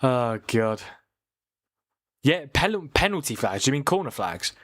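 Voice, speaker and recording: A man's voice: mid-range voice, big pitch swings, measured pace, a bit bright. A young man hosting a casual football watchalong stream, chatting with viewers and reading their comments. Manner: chatty, reads viewer comments aloud, laughs often.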